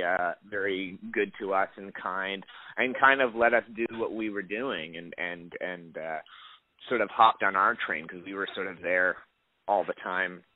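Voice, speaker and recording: A young adult man, an actor, answering interview questions in a casual, rambling way with many restarts. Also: low-pitched. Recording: dry tinny phone-line audio.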